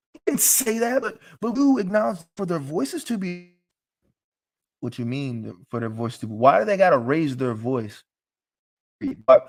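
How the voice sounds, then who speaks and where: Brief: male class teacher, casual live commentary, emphatic and joking, mid-pitched. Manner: emphatic, joking, with frequent restarts.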